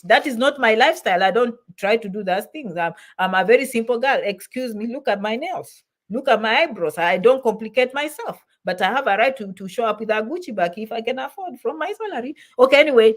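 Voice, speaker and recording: With a slightly high and somewhat bright voice, the middle-aged woman runs her immigration advice live stream, pressing her points to viewers. She says things more than once and drifts into affectionate side remarks.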